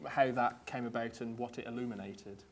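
A man chairs a panel on a theatre stage, polite and a little halting, leaning on fillers. His pitch sits mid-range. A faint hiss runs under the voice. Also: steady tone, gravelly. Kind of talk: hosting a stage talk. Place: theatre stage before an audience.

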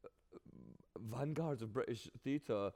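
A man with a Glaswegian accent, an actor answering interview questions in an animated way, often restarting his sentences. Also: medium pitch, slow, long reverb tail.

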